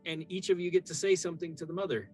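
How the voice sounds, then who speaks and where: A man's voice: a little high, steady tone, racing, a little mellow, faint music behind. A man running a tabletop game as game master, narrating in a loose, chatty way.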